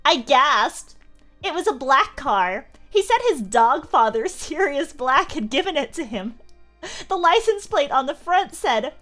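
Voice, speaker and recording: Giggly high-voiced woman streamer. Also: sing-song, unhurried, fairly bright tone, soft background music. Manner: giggly, mock-dramatic, chatty asides. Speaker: streamer reading a story aloud. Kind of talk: comedic live-stream reading.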